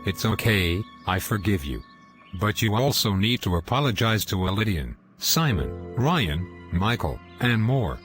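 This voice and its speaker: A man's voice: lowish voice, big pitch swings, measured pace. A man voicing a moralizing young male character who lectures his friend and reproaches him. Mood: forgiving. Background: music.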